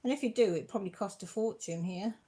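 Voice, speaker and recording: A fast-talking woman with a husky, mid-range voice hosts a relaxed craft livestream from home. She's chatty and big-hearted, growing teary and nearly crying as she thanks the people tuning in.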